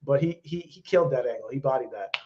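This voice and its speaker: A man co-hosting a wrestling podcast in relaxed casual chat, laughing easily and using many fillers. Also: medium pitch, quick pace, a little hiss or hum. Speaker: podcast co-host. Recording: dull lo-fi sound.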